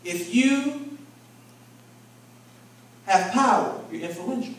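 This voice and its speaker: A man's voice: high voice, lively intonation, slow pace. A man, a bishop, teaching in a conversational sermon with folksy, vernacular speech and call-and-response with the congregation, recorded from far off in an echoing hall. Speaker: bishop, preacher. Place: large church convention hall. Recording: echoey hall from far off, faint room noise.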